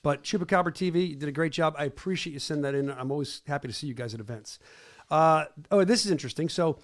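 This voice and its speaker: A man's voice: a little high, quick pace. A middle-aged man hosting a podcast, brash and joking as he talks over video clips. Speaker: podcast host. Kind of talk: casual podcast chat.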